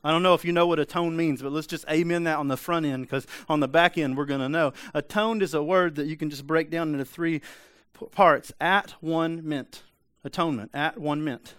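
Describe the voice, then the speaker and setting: A man preaching a lively, emphatic sermon. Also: fairly high pitch, fast talker, hardly any pauses, clean tone, dry recording. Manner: emphatic, conversational preaching with rhetorical questions. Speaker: pastor.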